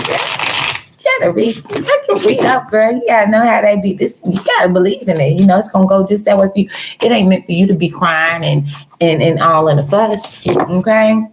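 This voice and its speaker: A woman's voice: mid-range voice, vocal fry, slight background noise, low-quality recording. A woman reading tarot cards on a live stream. She answers viewers in a casual, teasing way, calls them girl and baby, and mixes jokes with earnest advice. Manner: laughs often, jokes then turns earnest. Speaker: tarot reader livestreaming to viewers.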